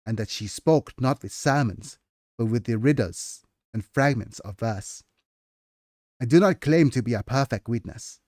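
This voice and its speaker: A man's voice: medium pitch, darkish tone, no room sound, lightly acted. Aging scribe narrator with a Nigerian accent, solemn memoir tone, dry close sound, read by a man. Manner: solemn and reflective. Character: aging male scribe recalling his past. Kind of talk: reading a novel aloud.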